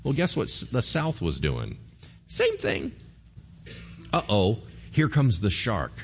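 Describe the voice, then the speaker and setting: Man, pastor, casual sermon, very lively pitch, slang, conversational. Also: slow, a little hiss or hum.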